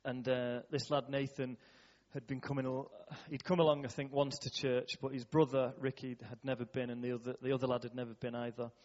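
A man's voice: mid-range voice, level tone, brisk, few pauses, darkish tone. Chatty man telling stories. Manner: chatty, laughing often, many fillers. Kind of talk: storytelling talk to a church audience. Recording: dull echoey hall.

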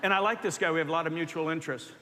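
A man's voice: on the high side, fairly even intonation, racing, sharp tone, a little hiss or hum. A middle-aged man, a pastor, telling a story in a conversational, self-mocking sermon style. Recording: echoey hall with faint ambience.

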